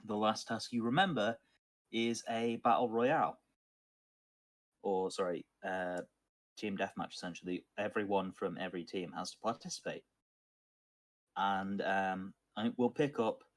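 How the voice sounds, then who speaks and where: A man as dungeon master recapping a tabletop campaign, halting and flat, with many ums and uhs. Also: low voice, no echo. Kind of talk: narrating a tabletop game recap.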